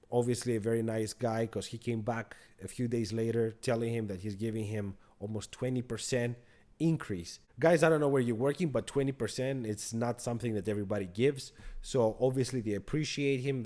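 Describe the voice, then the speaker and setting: Man, middle-aged, mid pitch, casual vlog storytelling, animated, exasperated. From abroad. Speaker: credit card channel host.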